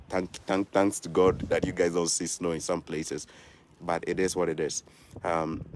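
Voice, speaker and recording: A man's voice: low voice, darkish tone, slight background noise. A young man from Africa talking casually and earnestly to his viewers in a vlog, repeating his points like a preacher. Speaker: vlogger. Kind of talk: casual vlog talk to camera.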